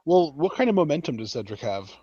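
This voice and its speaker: A man's voice: fairly high pitch, sing-song, fast talker, mellow, slightly rough, no room sound, lo-fi sound. A man co-hosting a casual wrestling review podcast, laid-back and chiming in. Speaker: podcast co-host.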